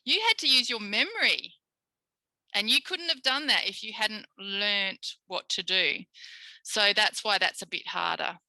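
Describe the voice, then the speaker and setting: A woman's voice: medium pitch, unhurried, bright, forceful tone, no echo, low-quality recording. A woman with an Australian accent giving a live online speech pathology tutorial, modelling sounds and praising her listeners as if they were young children.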